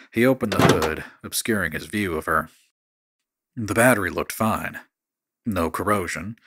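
A man reading a dark horror story in a steady, measured narrating voice. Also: low-pitched, no echo, clean studio sound.

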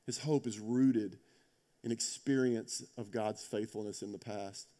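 A male pastor preaching a sermon in a conversational storytelling way, rising to loud emphasis and dropping to quiet, intense moments, often checking in with "right?". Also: fairly low pitch, fairly even intonation, measured pace.

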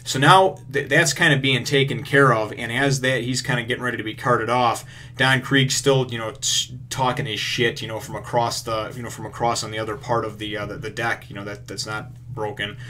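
A man's voice: mid-range voice, fairly quick. A man with a mid-range voice recaps a manga chapter in a loose, filler-packed way. He swears casually and gets worked up as he retells the fight scenes. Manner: rambling, filler-heavy, swears freely; gets excited retelling action. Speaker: manga review host.

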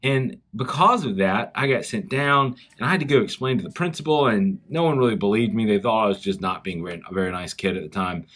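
A man with a Southern US accent gives a children's chapel talk, telling a story to the schoolchildren. His pitch rises and falls a lot, and he keeps asking the kids direct questions. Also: animated, fairly quick, few pauses, a bit bright. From South Carolina, USA.

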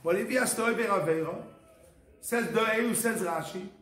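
A man's voice: high voice, normal speed, a bit bright. A man, a rabbi, teaching a Torah class in an emphatic, repetitive manner, his English mixed with Hebrew terms. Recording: echoey room.

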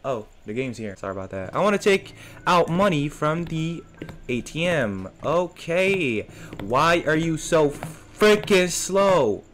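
A man's voice: a little high, sing-song, slow, a bit bright. A young man casually commenting while playing a game, joking and talking back to the characters in slangy speech. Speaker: gaming streamer. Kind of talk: let's play commentary. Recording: faint game music behind.

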